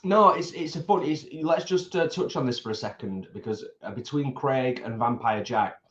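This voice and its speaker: A man's voice: medium pitch, lively intonation, normal speed, highs cut off. A man co-hosting a casual eating livestream, chatting and rambling while reading out viewer comments. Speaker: co-host of a food channel. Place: home, eating at a table.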